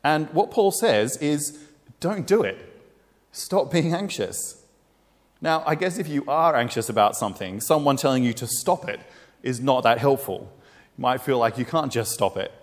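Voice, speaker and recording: Brief: earnest male preacher, mid pitch, long reverb of a church hall. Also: animated, normal speed. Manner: earnest, plain-spoken, with small fillers. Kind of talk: sermon.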